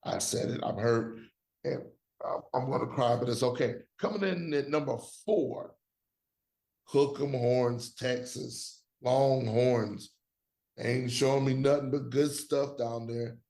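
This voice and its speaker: Guy with a gravelly voice doing his sports pod top five, slangy and emphatic, mid pitch. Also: takes it slowly, dark tone. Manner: emphatic, slangy, trash-talking. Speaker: podcast co-host giving college football rankings. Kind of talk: casual sports talk.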